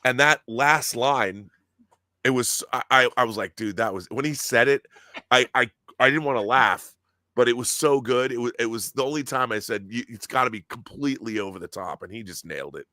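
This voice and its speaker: A man telling excited, geeky stories in casual podcast chat, often acting out quotes and restarting his sentences. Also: mid-range voice, fairly quick, no echo, clean studio sound. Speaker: guest, audio drama producer.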